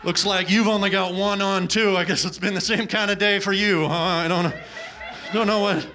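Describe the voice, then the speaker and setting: A man's voice: high voice, steady tone, moderate pace, sharp tone, a little hiss or hum. A man voicing a melodramatic, self-pitying male activist passenger who preaches in an overwrought way, performed on a comedy club stage. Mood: preachy. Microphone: handheld stage microphone.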